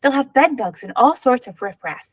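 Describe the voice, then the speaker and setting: A woman's voice: high voice, animated, moderate pace, pitched above the performer's own voice. A woman reading as a prim, anxious mother. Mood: fretful. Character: proper, worried pioneer mother.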